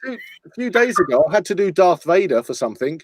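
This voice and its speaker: A man's voice: sits high, sing-song, fast, no echo. A man from London, an impressionist chatting casually on a video call, laughing often and sliding into voices. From London, England. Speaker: impressionist and comedian guest. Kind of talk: casual interview chat.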